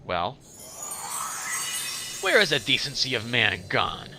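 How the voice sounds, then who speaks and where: A man voicing a sly, scheming man on a crutch, talking slow, oily and threatening. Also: mid-range voice, wildly swooping pitch, pushed and bright, faint music behind, exaggerated voice, poor audio. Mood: testy.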